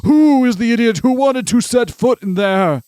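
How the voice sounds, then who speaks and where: A man's voice: very high-pitched, normal speed, darkish tone, smooth, no echo, pitched above the performer's own voice. A man putting on a raging old politician's voice. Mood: ranting. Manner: pompous, ranting and threatening. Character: intense, furious elderly male congressman. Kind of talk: reading a game aloud with voices.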